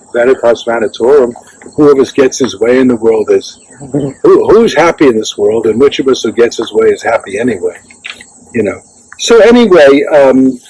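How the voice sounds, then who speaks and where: An older man speaks at a memorial for his late son in a middle-pitched voice, thinking out loud and restarting often. The recording is made outdoors, with a faint hiss and birds and insects behind him. His delivery is reflective and unscripted. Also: low-quality recording. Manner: rambling and reflective, many restarts and asides. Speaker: father giving a eulogy. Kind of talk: memorial speech.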